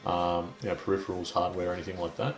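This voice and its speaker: Man, podcast host, very deep voice, relaxed rambling, echoey room. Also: fast. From Australia. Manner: relaxed, rambling, with fillers like "you know". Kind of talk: casual chat.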